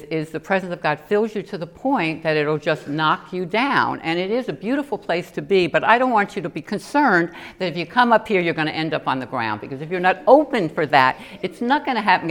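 A middle-aged woman giving an earnest personal testimony in a sermon, telling stories with animated asides. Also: low-pitched. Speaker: lay preacher.

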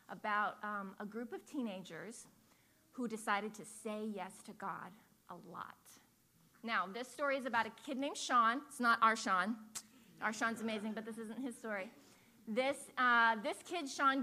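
Bright-voiced woman preaching a sermon. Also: on the high side. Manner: animated, swings from hushed to loud. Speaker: pastor. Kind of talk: sermon storytelling.

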